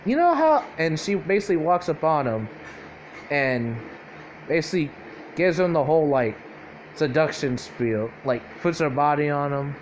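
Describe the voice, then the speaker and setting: A man's voice: on the high side, a little hiss or hum. A young man casually improvising a fan-fiction story aloud, rambling and profane, full of fillers and self-corrections.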